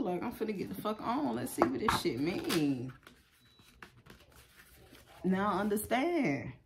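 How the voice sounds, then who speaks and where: A woman's voice: mid-range voice, sing-song, unhurried, creaky, long pauses, heavy background noise. A woman giving a casual tarot reading, talking bluntly and profanely in a loose, chatty way. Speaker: tarot reader.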